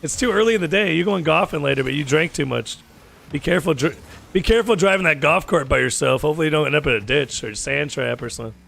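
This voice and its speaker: A man's voice: on the high side, vocal fry, fairly bright tone. Teasing American man streaming live. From United States. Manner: joking, teasing, asks lots of quick questions. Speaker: gaming streamer. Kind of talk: casual live-stream chat with viewers.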